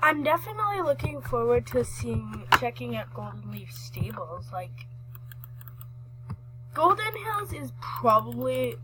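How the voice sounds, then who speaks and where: A woman giving chatty, excitable commentary while playing a horse game, rambling and restarting her sentences. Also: a little high, unhurried, background noise. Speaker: gaming vlogger.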